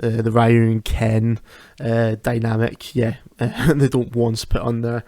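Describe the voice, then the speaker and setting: This podcast host's voice is mid-range, dark and monotone, a little slow, with no echo. He's a man talking solo at home late at night in a chatty, self-deprecating ramble, laughing often and frequently starting his sentences over.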